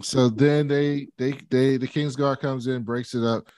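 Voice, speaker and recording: A man co-hosting a casual podcast recap, acting out scenes in quick put-on voices. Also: medium pitch, steady tone, darkish tone, clean tone, dry recording, clean studio sound. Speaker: podcast co-host.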